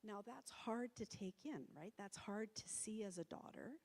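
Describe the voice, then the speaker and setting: A woman's voice: medium pitch, moderate pace, a little mellow. A middle-aged woman giving a conversational public talk in a church hall, with many fillers and restarts. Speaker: presenter. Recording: reverberant hall.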